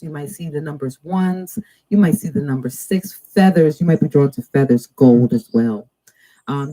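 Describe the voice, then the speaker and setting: Woman tarot reader hosting a live stream, very dark mellow tone, slow drawn-out card messages with chatty asides. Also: deep voice, poor audio. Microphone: two cameras.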